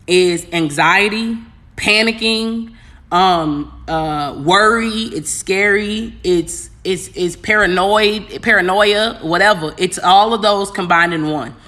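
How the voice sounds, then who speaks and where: Bright sharp-voiced spiritual coach just rambling to the viewers, loops the same phrase over and over, lots of slang. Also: mid-range voice. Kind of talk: casual spiritual talk to viewers.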